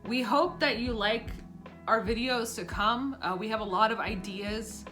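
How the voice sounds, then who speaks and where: A woman's voice: on the high side, unhurried. Young woman co-host, playful and chatty, casual vlog talk, music bed. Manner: chatty, playful, finishes her partner's sentences. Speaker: vlogger, English teacher in Korea. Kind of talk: casual chat. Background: guitar music.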